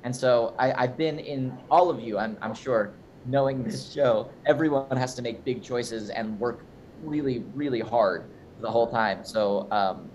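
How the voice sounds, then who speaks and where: A young adult man chats loosely as an interview guest, rambling with plenty of "like" and "um". His voice sits at an ordinary middle pitch. A faint noise hums under the video-call sound. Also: a little slow, a little mellow, highs cut off. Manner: rambling, chatty, lots of fillers. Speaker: guest actor. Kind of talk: casual chat.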